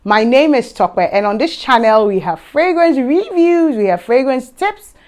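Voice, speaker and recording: A young woman hosting a fragrance channel, chatting excitedly through an unboxing. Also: high-pitched, measured pace. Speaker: fragrance vlogger. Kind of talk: casual unboxing vlog.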